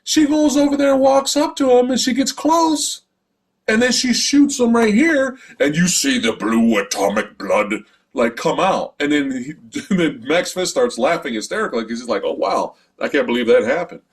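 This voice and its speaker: A male movie reviewer rants through a casual spoiler review, cursing freely and dripping with sarcasm. His voice is husky, and his pitch swings widely as his frustration builds. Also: lively intonation, moderate pace. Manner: exasperated, profane, sarcastic.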